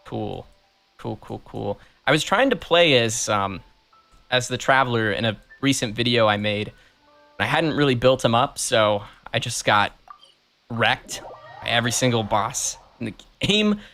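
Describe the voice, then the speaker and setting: Man, casual let's-play chat, giggly, rambling, mid pitch, faint music behind. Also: animated, a little slow, gravelly, sharp tone. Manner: giggly, rambling, self-interrupting. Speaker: voice actor playing his game.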